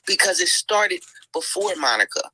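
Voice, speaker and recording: A woman's voice: fairly low pitch, sing-song, moderate pace, sharp tone, husky, no echo, low-quality recording. A woman hosting a livestream, talking in heated commentary with lots of swearing, sighs and "mm-mm"s. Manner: profane, exclaiming, lots of sighs and mm-mm.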